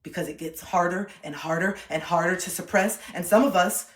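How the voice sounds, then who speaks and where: A woman's voice: fairly low pitch, a little fast. Emphatic woman livestream coach, echoey room. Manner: emphatic, repetitive, acts out quoted voices. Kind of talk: livestream advice talk.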